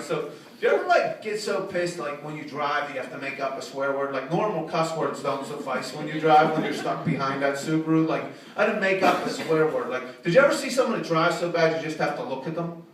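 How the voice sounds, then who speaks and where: A man's voice: animated, a little fast, crowd noise. A middle-aged man doing a stand-up comedy set, brash and profane, recorded in a small art studio venue. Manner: brash and profane, pitching up for quoted callers. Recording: very echoey room, from a distance, audible noise.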